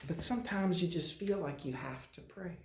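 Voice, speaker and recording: Halting, chatty man in a roomy hall. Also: high voice. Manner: halting, conversational storytelling with frequent restarts and repetitions. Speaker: hospital chaplain giving a message. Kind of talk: informal spoken message to a congregation. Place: meetinghouse worship room.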